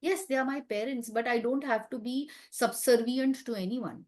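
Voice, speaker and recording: A woman's voice: a little high, normal speed, a little mellow. Emphatic woman giving a talk. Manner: emphatic, conversational, asks the audience questions. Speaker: wellness talk speaker. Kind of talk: light-hearted teaching talk.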